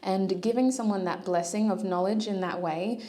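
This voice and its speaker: A woman's voice: medium pitch, normal speed, dark tone. A woman doing a casual tarot reading, chatty, laughing often and acting out little dialogues. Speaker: tarot reader.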